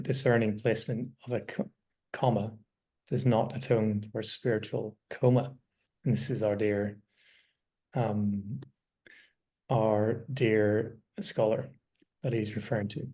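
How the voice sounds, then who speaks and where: Male podcast host, lowish voice, hesitant and reflective, casual discussion. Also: darkish tone. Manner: thoughtful, hesitant with many fillers and restarts.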